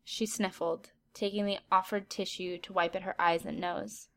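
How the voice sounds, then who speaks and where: A woman narrating a story aloud in an even, steady storytelling manner. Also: fairly low pitch, moderate pace.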